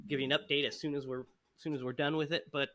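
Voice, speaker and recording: A man's voice: a little high, level tone, racing, a bit bright. A man hosting a podcast, telling a story in casual chat with frequent laughs. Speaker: podcast host.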